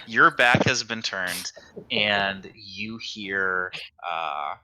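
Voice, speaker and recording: A man serving as dungeon master at a tabletop game, his voice very bright and forward. He sits a little low in pitch and talks patiently, with frequent fillers as he checks rules. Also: drawn-out words.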